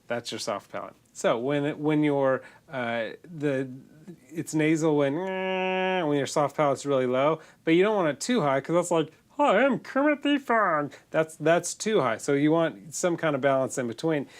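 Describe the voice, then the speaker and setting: A man's voice: a little high, moderate pace. A man with a congested, nasal voice, teaching singing in a loose, casual lesson full of restarts. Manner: loose, demonstrating, self-correcting.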